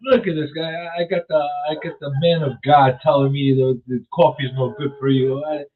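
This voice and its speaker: A man's voice: medium pitch, fairly quick. A man hosting a radio show in casual chat, rambling and chatty, chewing gum as he talks. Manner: chatty, rambling, animated when riled up. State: chewing gum while talking. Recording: phone-like narrow sound.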